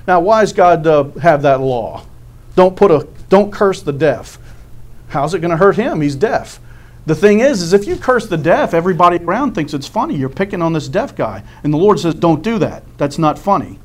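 A man's voice: high voice, animated, normal speed. A middle-aged man preaching a sermon in a folksy way, often asking "amen?" and laughing at his own stories. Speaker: pastor.

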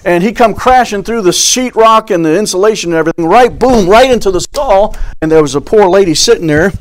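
A man's voice: high-pitched, lively intonation, fairly quick. A man preaching a sermon, folksy storytelling with fervent swells.

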